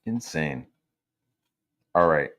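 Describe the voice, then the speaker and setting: A man streaming casual commentary, rambling and profane, swinging between loud rants and low mutters. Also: expressive, extremely slow.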